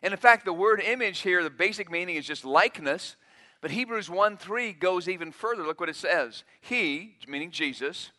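A man's voice: high voice, animated, moderate pace, sharp tone. A man preaching a sermon, emphatic, acting out quotes in a raised voice. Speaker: pastor.

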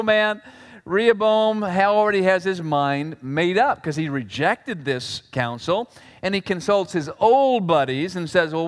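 Animated male pastor with a lively, high voice. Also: big-room sound. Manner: animated, conversational preaching with asides to the congregation. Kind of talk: sermon.

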